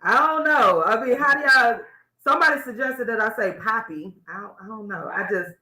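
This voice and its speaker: A woman's voice: on the high side, expressive, brisk, pushed and bright. A woman hosting a live internet radio show, chatting casually with guests and listeners and often restarting her sentences. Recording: roomy echo.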